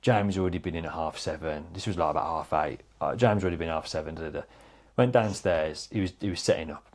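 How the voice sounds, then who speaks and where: A man, a chef, telling stories in a casual chat, animated and swearing freely, calling people "mate". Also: low voice, fast. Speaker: chef guest.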